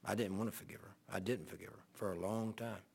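Gravelly, husky-voiced preacher man. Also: on the low side, steady tone, quick pace, a little mellow. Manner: folksy, rambling anecdotal preaching. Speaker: pastor. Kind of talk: sermon storytelling.

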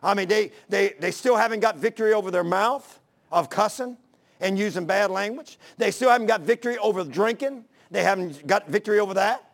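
A man preaches with folksy fervor, his voice pitched high for a man. A gravelly rasp runs through his delivery as he moves between plain talk and scripture. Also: a little fast. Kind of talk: sermon.

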